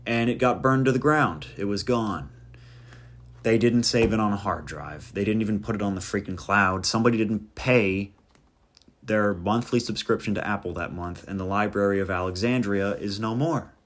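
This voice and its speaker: A man hosting a casual podcast monologue, with a somewhat low voice. He rambles from one joke to the next, wandering off on tangents. He pokes fun at himself as he goes. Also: normal speed, fairly bright tone. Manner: rambling, jokey tangents, self-deprecating. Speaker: podcast host.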